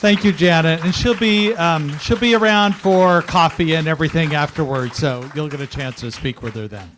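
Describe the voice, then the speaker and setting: A man hosting a church service, briskly thanking the speaker and making announcements. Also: a little high, a bit bright, slight background noise. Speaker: service host.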